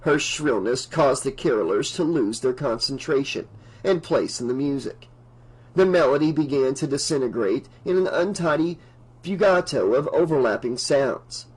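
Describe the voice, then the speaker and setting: A man narrating an unabridged novel audiobook in a steady storytelling manner. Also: mid-range voice, normal speed, husky, rough recording.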